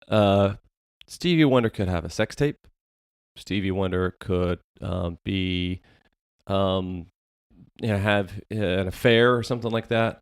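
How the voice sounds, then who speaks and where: A man in his thirties co-hosting a podcast, laid-back and musing out loud. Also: sits low, a little slow, clean tone, dry recording, studio quality. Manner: laid-back, frequent agreeing, muses out loud. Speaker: podcast co-host. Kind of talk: casual podcast banter.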